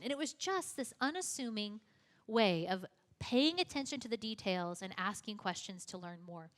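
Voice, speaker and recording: A young woman teaching a class in a relaxed, chatty way, her voice bright and a touch high for a woman. She drops casual, self-deprecating asides as she explains. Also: normal speed. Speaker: youth apologetics teacher. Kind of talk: conversational teaching talk.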